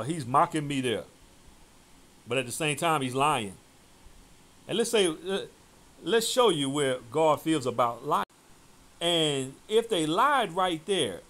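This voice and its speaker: Fiery, animated preaching man. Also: mid-range voice. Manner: fiery, scolding, quotes scripture loudly. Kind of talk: preaching commentary over a debate clip.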